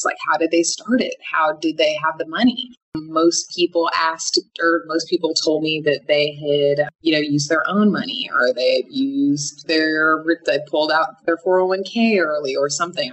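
Young female founder, low voice, candid and halting interview guest. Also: fairly bright tone, low-quality recording. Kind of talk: casual interview answers.

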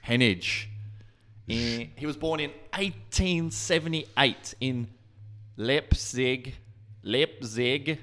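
A man's voice: mid-range voice, slow, a bit bright. A man hosting a casual podcast in a mid-range voice. He rambles into tangents and swears freely as he talks through his notes. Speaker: podcast co-host.

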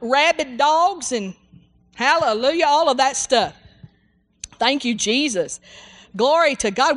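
A woman's voice: high-pitched, lively intonation, unhurried, pauses often, fairly bright tone. A woman preaching a sermon in a fervent, rambling way, full of hallelujahs and amens. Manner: rambling, with restarts and asides.

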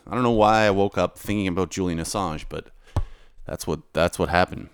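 Man, very low voice, dry close sound, rambling casual vlog. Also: quick pace, clean tone, no echo. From Canada. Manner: rambling, relaxed, many restarts. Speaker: DJ and vlogger. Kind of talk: casual monologue.

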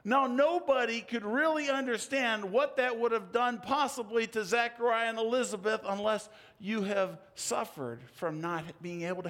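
A man preaching a sermon, telling a story dramatically with big swings in pitch and loudness.

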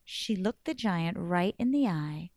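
A woman storyteller telling a folktale live to children, in a lively, animated way. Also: lowish voice, measured pace, dry recording, clean studio sound.

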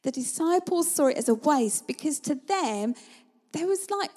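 Woman preacher, high and mellow, vivid storyteller. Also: animated, moderate pace. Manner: conversational, vivid storytelling, sometimes drops to a hush. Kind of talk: sermon.

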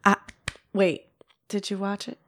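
A woman in a casual podcast chat, reacting quickly and giving her own take. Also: mid-range voice. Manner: quick backchannels, lively reactions.

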